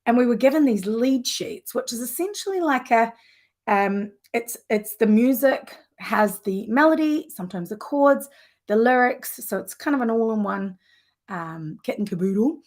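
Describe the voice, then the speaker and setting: Woman vocal coach, voice a bit high, enthusiastic and conversational, teaching live. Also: expressive, normal speed. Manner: warm, enthusiastic and conversational, with asides.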